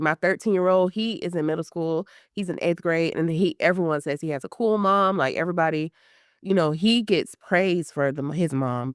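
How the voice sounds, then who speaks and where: Woman in her thirties, smooth clear voice, lively storyteller who acts out quotes, dry close mic. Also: sits low, no room sound. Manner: animated storytelling, acts out quotes, many fillers. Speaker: guest, pre-surgery patient. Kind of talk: emotional personal interview.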